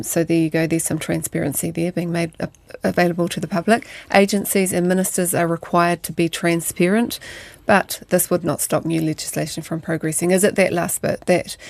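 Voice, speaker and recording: A woman, interviewing a guest with measured, probing questions. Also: fairly low pitch, gravelly, dry recording. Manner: measured, probing, some hesitant restarts.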